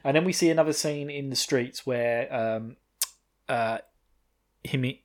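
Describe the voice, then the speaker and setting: A man's voice: mid-range voice, unhurried. A man in his thirties co-hosting a podcast, casually recapping an anime episode in a rambling way, chuckling often and swearing freely. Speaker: podcast co-host.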